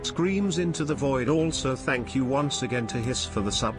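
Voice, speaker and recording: A male text-to-speech voice flatly reading viewer messages aloud on a stream. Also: medium pitch, moderate pace, over music. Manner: flat synthetic reading of chat messages. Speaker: text-to-speech chat reader.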